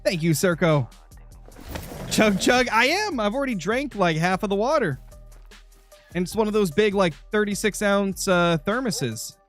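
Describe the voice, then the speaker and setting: A man's voice: high-pitched, expressive, a little slow, soft background music. A young man streaming a hunting game, chatting casually and answering viewers while nursing a sore, dry throat. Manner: chatty, answering chat messages. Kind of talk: live gaming stream commentary.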